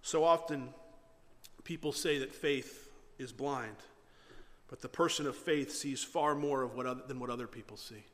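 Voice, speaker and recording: A male pastor preaching a sermon and retelling scripture with animated, dramatic storytelling. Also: medium pitch, moderate pace, long reverb tail.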